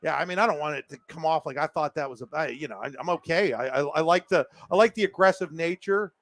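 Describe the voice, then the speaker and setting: A man with a high-pitched voice calls live high school football play by play. His calls come fast and excitable, with plenty of fillers and restarts along the way. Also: no room sound. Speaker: play-by-play announcer.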